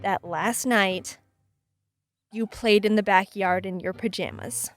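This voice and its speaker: A woman voicing a stern parent scolding a small child in a flat, quiet, accusing tone. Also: medium pitch, slow pace, faint music behind, voice pushed down, close to an everyday voice.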